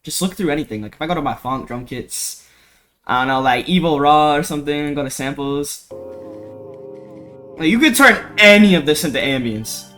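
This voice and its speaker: A man's voice: on the high side, expressive, moderate pace, a bit bright. A young man giving a casual, rambling music production tutorial at home, full of slang, fillers and swearing, into a cheap desk mic. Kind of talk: casual screen-recorded tutorial.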